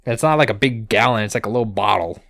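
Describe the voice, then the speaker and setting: A man co-hosting a podcast, recapping episodes in casual chat with sarcastic asides, casual swearing and quick put-on character lines. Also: on the low side, vocal fry, fairly bright tone, dry recording.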